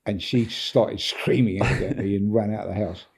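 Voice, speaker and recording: With a lowish, gravelly yet slightly mellow voice, steady and moderately paced, an older English football agent tells a long podcast anecdote. He rambles, repeats words and chuckles, over slight background noise.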